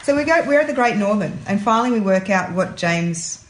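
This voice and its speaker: A man's voice: high voice, expressive, brisk, fairly bright tone. A man co-hosting a podcast, chatting casually and analytically, laughing often. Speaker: podcast co-host. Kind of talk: casual chat. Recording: echoey room.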